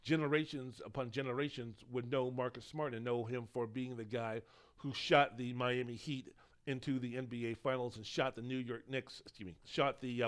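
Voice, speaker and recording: A man hosting a solo sports podcast, talking in a rambling, opinionated way and swearing casually. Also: medium pitch. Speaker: podcast host.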